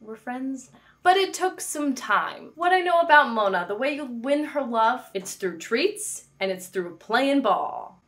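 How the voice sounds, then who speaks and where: A woman's voice: sits high, lively intonation, unhurried, a bit bright. A woman hosting a faith vlog from her apartment, chatting casually with jokey, playful asides. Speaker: faith video host.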